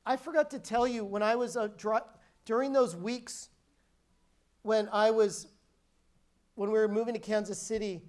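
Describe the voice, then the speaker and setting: A woman's voice: a little high, moderate pace, long pauses, a little mellow. A woman preacher giving a sermon as a personal testimony, telling her story emphatically and often restarting her sentences.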